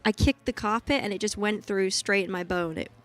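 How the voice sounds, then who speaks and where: A woman's voice: medium pitch, a little fast, soft background music. A young woman, co-hosting a stream, laughing often and chatting before explaining a raid fight. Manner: giggly, chatty, explains game mechanics. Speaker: stream co-host. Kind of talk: casual chat and game commentary.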